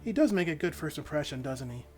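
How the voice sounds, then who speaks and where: A man's voice: on the high side, animated, fast talker, a little mellow, husky, soft background music. A man voicing a cruel, playful female villain in a storybook reading, with a mocking, teasing delivery. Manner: mocking, teasing sing-song lines.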